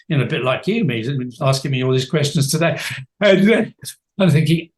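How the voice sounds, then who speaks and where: A man's voice: fairly high pitch, expressive, moderate pace. A man in his seventies, a coach, telling stories from his life in a reflective interview, thoughtful and often restarting his sentences. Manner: thoughtful, with frequent restarts and soft laughs.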